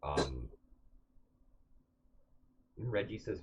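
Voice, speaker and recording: A man's voice: deep voice, measured pace. A man narrating as game master of a tabletop game, hesitant and full of fillers. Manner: hesitant, many fillers, relaxed. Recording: dull lo-fi recording, faint hiss.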